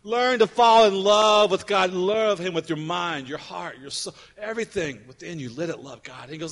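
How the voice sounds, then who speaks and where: A bright, high-pitched male pastor preaching in a church with a long, ringing reverb. He repeats his phrases for emphasis, rising to loud declarations and then dropping low and soft. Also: normal speed, hardly any pauses. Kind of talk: sermon. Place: church sanctuary.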